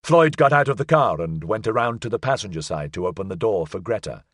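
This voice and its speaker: A man narrating an audiobook in a measured, expressive way. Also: on the low side, no room sound, studio quality. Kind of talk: scripted narration.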